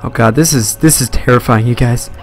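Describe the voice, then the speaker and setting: A man's voice: medium pitch, fairly quick, vocal fry, soft background music. A young man commentating a live horror game stream, jumpy and swearing at scares. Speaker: let's play streamer.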